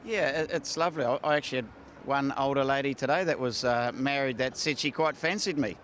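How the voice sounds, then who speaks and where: A man's voice: medium pitch, a little fast, a bit bright, slight background noise. A man, a racehorse trainer talking candidly after a big win, with lots of fillers and restarts. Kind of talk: casual post-race interview. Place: outdoors at a racecourse.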